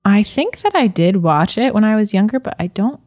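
Bubbly woman with a lively voice. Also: mid-range voice, fairly quick. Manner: bubbly, laughs often. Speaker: podcast co-host. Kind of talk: casual chat.

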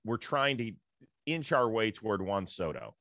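This male podcast host has a lowish, sharp voice and is very animated, though his speed is normal; the recording is dry. Chatty by nature, he banters casually, promotes coming episodes, and builds up guests and sign-offs.

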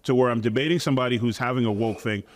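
A man giving his views in a casual discussion, restarting his sentences often. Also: mid-range voice. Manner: halting, restarts mid-sentence. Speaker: guest commentator.

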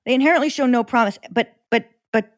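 A woman's voice: fairly high pitch, fast, no room sound, studio quality. A woman, a comedian guest on a podcast, talking animatedly with many "like"s and laughing asides. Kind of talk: casual chat about comedy.

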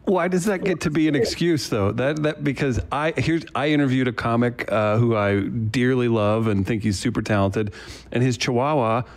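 A man's voice: medium pitch, moderate pace. A man co-hosting a talk show, jumping into the conversation with his own story and laughing easily. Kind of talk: casual chat.

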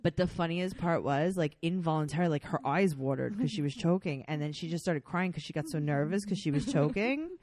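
A woman's voice: low-pitched, animated, a little fast, hardly any pauses, darkish tone. A woman comedian co-hosting a podcast, telling stories in a laughing, chatty way. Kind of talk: casual chat.

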